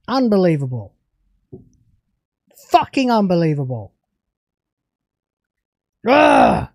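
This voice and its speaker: A man's voice: very high-pitched, no room sound, clean studio sound. A young British man hosting a livestreamed TV review, ranting furiously with heavy swearing and then settling into casual chat. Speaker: TV show reviewer.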